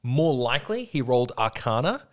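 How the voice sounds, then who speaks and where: An enthusiastic man hosting a casual podcast chat, explaining things at length with plenty of swearing. His voice sits at an ordinary middle pitch. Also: sing-song, normal speed.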